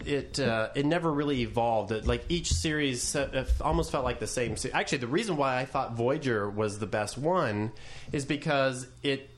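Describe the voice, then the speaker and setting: A man with an everyday mid-range voice hosts an interview. His questions are long and halting, with frequent restarts. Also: mid-range voice, slight background noise. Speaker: host.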